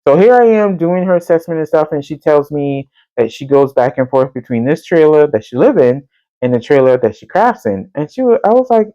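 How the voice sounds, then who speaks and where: Woman, low voice, very lively pitch, casual storytelling chat, says y'all. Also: fairly quick, no echo, lo-fi sound. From Central Texas. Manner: animated, jumps into high-pitched voices for quoted speech; colloquial and chatty, addresses listeners as y'all. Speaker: podcast host.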